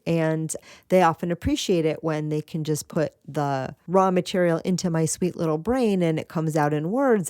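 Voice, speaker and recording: A woman hosting a spiritual podcast, talking casually with lively asides and frequent laughs. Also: on the low side, no room sound, studio quality. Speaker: podcast host.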